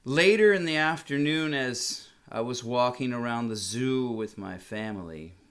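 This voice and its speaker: A middle-aged man telling a comic story in a deadpan, mock-solemn, formal way. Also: mid-range voice, measured pace, clean tone. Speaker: comedian.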